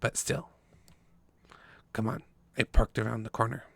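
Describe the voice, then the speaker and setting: A man voicing a gruff male vampire informant with a gravelly voice and a blunt, dry, sarcastic manner. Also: mid-range voice, level tone, unhurried, a bit bright, no echo.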